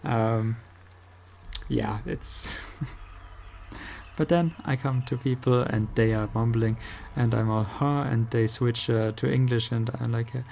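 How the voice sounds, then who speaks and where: A man with a German accent, a native German speaker, chatting casually with his audience while gaming and pausing often to search for words. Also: mid-range voice, steady tone, vocal fry, a little mellow, slight background noise. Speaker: streamer.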